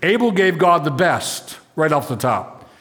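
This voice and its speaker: A man's voice: fairly high pitch, big pitch swings, unhurried, fairly bright tone. A man preaching a sermon, walking through a scripture passage and putting questions to the congregation. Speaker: pastor. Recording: long reverb of a large hall.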